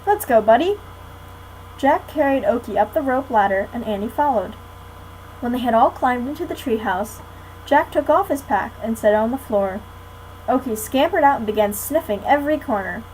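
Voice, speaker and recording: A woman's voice: on the high side, normal speed, darkish tone, a little hiss or hum, rough recording. Teen girl reading a storybook aloud. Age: teens. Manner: friendly, clear read-aloud. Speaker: guest reader. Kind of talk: reading a children's book aloud.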